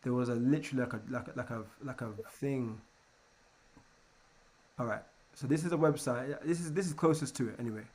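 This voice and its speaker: A man teaching a live online trading lesson in an energetic way, often checking in with his listeners and repeating words as he goes. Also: medium pitch, brisk, long pauses, a little hiss or hum. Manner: energetic, keeps checking in with "right?". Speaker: trading coach.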